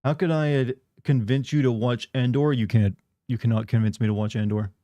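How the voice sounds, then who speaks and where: A man's voice: medium pitch, steady tone, brisk, mellow, no room sound. A man streaming a game, chatting casually with viewers in a rambling, sardonic way. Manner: rambling, sardonic, many "like" fillers.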